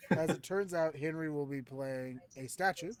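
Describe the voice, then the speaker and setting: A man's voice: a little high, normal speed. Easygoing man running a tabletop game. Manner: laid-back, joking, swears freely. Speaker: game master. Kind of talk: casual tabletop session chat.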